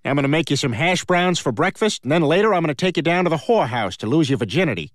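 A man voicing a loud, goofy middle-aged family man in a cartoon, blustering and stammering. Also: fairly high pitch, lively intonation, quick pace, no room sound, clean studio sound, natural voice. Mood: proud. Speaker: director on set. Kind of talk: cartoon voice acting.

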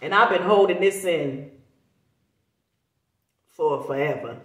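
Slow, emphatic woman in an echoey room. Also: deep voice. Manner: insistent, preachy, repeats words for emphasis. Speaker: vlogger. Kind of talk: emphatic casual talk to camera. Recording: roomy echo.

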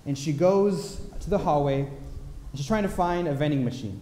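A man preaching a sermon, telling a story in an earnest, unhurried way with pauses. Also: fairly high pitch, dark tone, slight background noise. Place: large church sanctuary. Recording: echoey church hall with long reverb.

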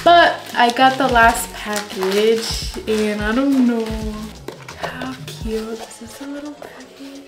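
A young woman vlogger chatting excitedly and gushing over gifts. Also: on the high side, slow. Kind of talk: casual chat. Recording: echoey room with music.

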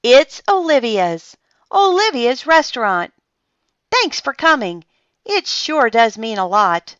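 A woman's voice: sing-song, slow, fairly bright tone, no room sound, heavily acted. A woman voicing an eager, bossy young girl in a read-aloud storybook. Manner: eager, commanding, high and bouncy. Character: bossy energetic young girl running a stand. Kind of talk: storybook character voice. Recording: dull dry lo-fi sound.

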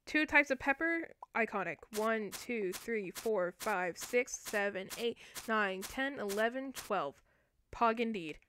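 A woman's voice: a little high, expressive, slow, sharp tone, a little hiss or hum, low-quality recording. Chatty young woman streaming a cooking game. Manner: chatty, playful, talks to viewers as she plays. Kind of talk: casual gameplay commentary.

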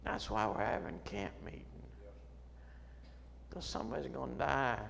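A middle-aged man preaching a sermon as a pastor, moving between quiet storytelling and loud shouting. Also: mid-range voice, animated, moderate pace, gravelly. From United States. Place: church sanctuary. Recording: long hall reverb, faint room noise.

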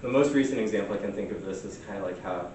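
A man's voice: on the low side, very fast, a little mellow. A man leading a church workshop in a casual, chatty way, often slipping into quoted asides. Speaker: workshop presenter. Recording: echoey distant room recording.

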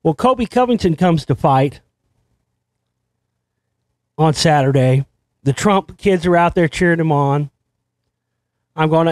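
Rambling excitable male show host. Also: fairly high pitch, no echo. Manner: rambling, excitable, swears, many restarts. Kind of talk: conspiracy commentary monologue.

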